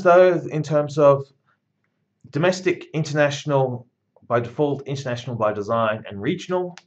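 A man's voice: on the high side, dull audio. A man giving a university lecture in a conversational, emphatic way, with blunt asides.

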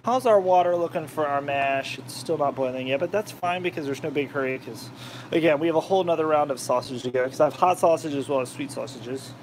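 A talkative man cooks in his home kitchen and rambles from one topic to the next. His voice sits a little higher than most men's. A faint hiss runs beneath the recording. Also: quick pace. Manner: rambling, chatty, drifts off topic. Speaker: cooking vlogger, channel host. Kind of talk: casual chat while cooking, reading viewer comments.

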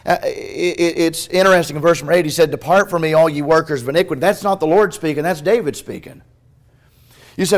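A man preaches from the pulpit, his fairly high voice dropping low and quiet, then rising loud and urgent. He restarts phrases often as he speaks. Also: fast. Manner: impassioned preaching that swings from hushed to loud, with restarts. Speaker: pastor. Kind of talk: sermon. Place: church sanctuary.

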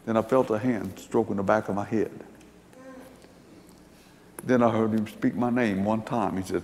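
An older man tells a personal story to an audience in a folksy, meandering way. His voice sits low and is gravelly, with a touch of fry. The sound carries a long reverb from a large hall. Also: steady tone, normal speed, long pauses, a little mellow, slight background noise. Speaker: speaker giving a testimony.

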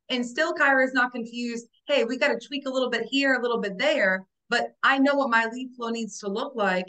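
Bright upbeat woman hosting a call. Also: on the high side, poor audio. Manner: upbeat, coaching, keeps asking "right?" and addressing "guys". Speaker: host of an agency call. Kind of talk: motivational interview chat.

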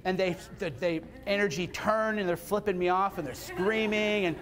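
A man's voice: high voice, fairly even intonation, normal speed, fairly bright tone. A man speaking casually and bluntly to a live seminar audience, repeating points for emphasis. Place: seminar room before an audience.

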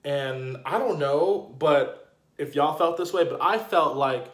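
A man with a slightly high voice talks through a casual video review. He rants in an animated, indignant way, full of slang and fillers. His voice echoes in a roomy space. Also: a little slow. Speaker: TV episode reviewer.

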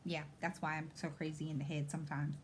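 A woman with a somewhat low voice talks casually, like a mother catching up friends while she stitches. She rambles and circles back, peppering her story with "I said" and "you know". A faint hiss sits under her voice. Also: little pitch movement, quick pace.

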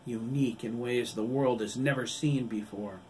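A man's voice: medium pitch, moderate pace, close to an everyday voice. A man voicing an earnest, caring young leader who pleads and insists, recorded from a distance with faint noise behind.

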